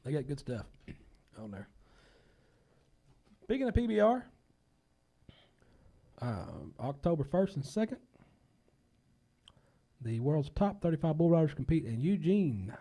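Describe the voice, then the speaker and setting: A man's voice: a little high, very animated, unhurried, pauses often, dark tone. A man hosting a casual talk show, folksy and rambling, a bit under the weather.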